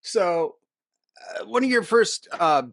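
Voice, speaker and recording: A man's voice: high voice, animated, slow, vocal fry, dry recording. A man co-hosting a podcast, asking chatty, hesitant questions with um and uh. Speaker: podcast co-host. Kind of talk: casual interview questions.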